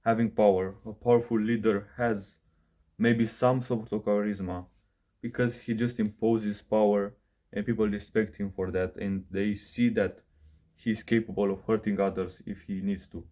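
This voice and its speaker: A man's voice: fairly low pitch, flat delivery, moderate pace, warm tone. A young man, a self-improvement coach, giving casual advice straight to camera in a blunt rant, swearing, saying "bro" often and correcting himself mid-sentence. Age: young adult.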